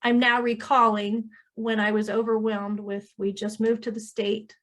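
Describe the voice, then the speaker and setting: A woman co-hosts a casual talk and speaks in a gentle, earnest, reflective way. Her voice is fairly high, and her delivery is unhurried and sincere. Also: level tone. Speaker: co-host.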